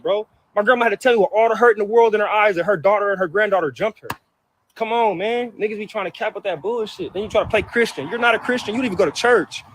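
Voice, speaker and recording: Man, high voice, rapid-fire heated profane rant, hurt and upset; personal vlog to camera. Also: fairly bright tone, a little hiss or hum. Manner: heated, profane, repetitive outbursts. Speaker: vlogger. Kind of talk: emotional personal venting to camera.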